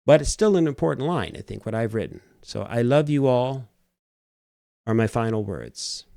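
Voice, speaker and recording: Middle-aged male host, lowish pitch, dry close sound; soft-spoken, halting solo commentary. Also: sing-song, creaky, no room sound.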